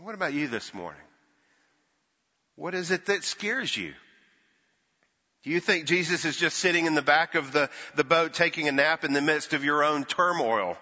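An older man preaching in a church sanctuary, his bright, forceful voice ringing with a long reverb. The recording is dull and muffled. He tells the story and slips into hushed or raised tones for the quoted voices. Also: fairly high pitch, expressive, normal speed, long pauses. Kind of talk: sermon.

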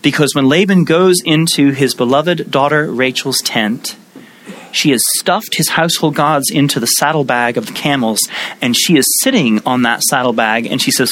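A man's voice: mid-range voice, moderate pace, fairly bright tone, low-quality recording. A male preacher teaching a Bible passage as a sermon, telling the story conversationally with humorous asides.

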